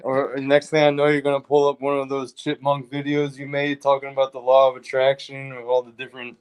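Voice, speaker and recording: Smooth-voiced joking man. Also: medium pitch, completely flat delivery, fairly quick. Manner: joking, laughing. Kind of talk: casual chat.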